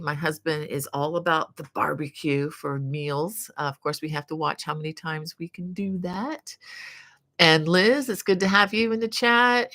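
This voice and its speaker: A woman's voice: sits low, fairly bright tone. A woman in her fifties from the United States, a crochet channel host chatting casually on a live stream, reading viewer comments aloud with many fillers.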